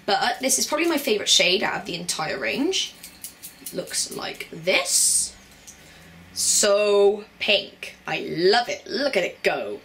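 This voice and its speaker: A woman's voice: mid-range voice, big pitch swings, slow pace, a bit bright, a little hiss or hum. A young woman, chatting casually and bubbly as a beauty vlogger. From Britain. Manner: bubbly and chatty, with playful put-on voices. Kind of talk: casual chat.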